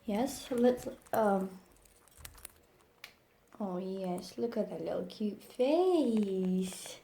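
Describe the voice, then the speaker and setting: A woman's voice: mid-range voice, expressive, drawn-out words, creaky, background noise. A woman talking to her pet parrot in playful baby talk, coaxing it with short, repeated cues in a sing-song way, at home.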